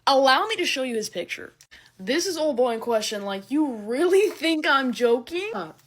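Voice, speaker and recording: A teenage girl riffs through a comedic monologue in a sarcastic, deadpan-then-explosive way. She swings into loud, dramatic bursts of indignation between casual asides. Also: high-pitched, normal speed. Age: teens. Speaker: comedy vlogger.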